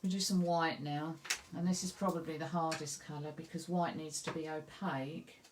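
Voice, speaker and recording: A woman's voice: deep voice, fairly even intonation, moderate pace, background noise. A woman with an Essex accent teaching a live painting demonstration, chatting and thinking aloud as she works. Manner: chatty, self-deprecating, thinks aloud while working. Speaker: craft tutor.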